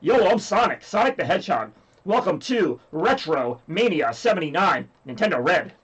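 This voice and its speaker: A man's voice: sits high, big pitch swings, moderate pace, a bit bright, slightly rough, recorded from a distance, exaggerated voice. A man voicing a cocky, brash male cartoon hedgehog with a scratchy voice.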